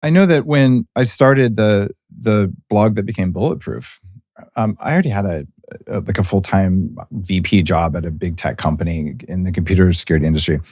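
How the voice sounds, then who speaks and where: A man's voice: deep voice, moderate pace, a little mellow, no echo. A man hosting an interview in a studio, speaking bluntly and with strong opinions. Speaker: podcast host. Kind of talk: casual interview conversation.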